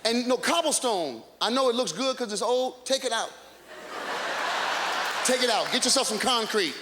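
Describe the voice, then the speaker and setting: A man from the United States doing stand-up, ranting loudly and in exasperation to a live audience. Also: very high voice, expressive, moderate pace. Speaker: stand-up comedian. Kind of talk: stand-up comedy set. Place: comedy club stage, live audience. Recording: echoey live hall with crowd and noise.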